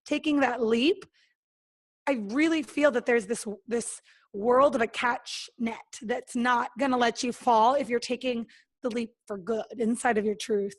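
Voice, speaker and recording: A woman with a high, bright-sitting voice talks as a podcast guest. She is earnest and motivational. She often acts out her own thoughts and what others said to her. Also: fairly even intonation, unhurried. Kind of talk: casual interview talk.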